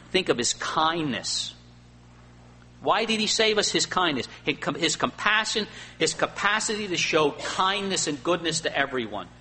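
A male pastor preaching a sermon, swinging between loud emphatic lines and quiet asides. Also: on the high side. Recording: faint hum and long hall reverb.

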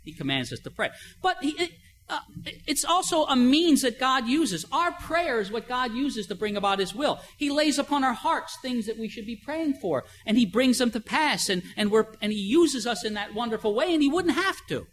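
A man's voice: very high-pitched, very animated, normal speed, a bit bright. An older man preaching a sermon in a conversational way, telling everyday stories and asking rhetorical questions. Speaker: pastor.

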